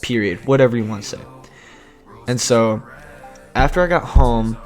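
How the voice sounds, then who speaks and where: A man's voice: medium pitch, moderate pace, soft background music. A young man vlogging a casual storytime, rambling and cutting himself off, laughing often.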